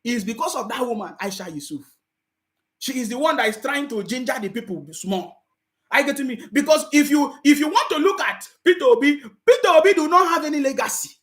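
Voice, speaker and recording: A woman's voice: high voice, expressive, fairly quick, fairly bright tone. A woman with a Nigerian accent giving emphatic political commentary in a vlog, repeating her points and slipping into pidgin. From South South Nigeria. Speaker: political vlogger.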